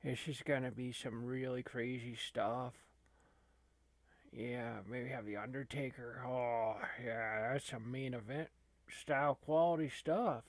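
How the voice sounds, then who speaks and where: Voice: medium pitch, fairly even intonation, takes it slowly, no echo. A performer playing a folksy male gamer with a shaky put-on Minnesotan accent who rambles, with lots of fillers, in a comedy gaming sketch.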